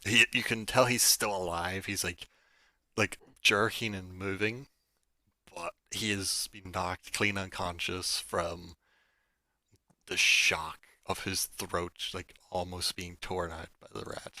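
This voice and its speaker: A low-voiced man runs a tabletop game, narrating slowly and steadily while sprinkling "like" throughout his casual, filler-heavy delivery. His tone is pushed and bright, and the recording is dry.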